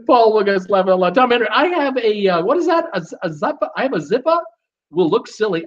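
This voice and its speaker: Middle-aged male stream host, high-pitched, chatty and jokey, dull lo-fi home mic. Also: lively intonation, moderate pace, long pauses. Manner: chatty, jokey, reads comments aloud with bursts of laughter. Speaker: host of a live cruise show. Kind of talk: casual live chat reading viewer comments.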